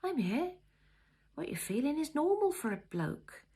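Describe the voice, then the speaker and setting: A woman reads as a young bridesmaid, her voice pitched high and swooping brightly. It has a husky, gravelly edge, and she teases and reassures. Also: very animated, a little slow, heavily acted. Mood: soothing.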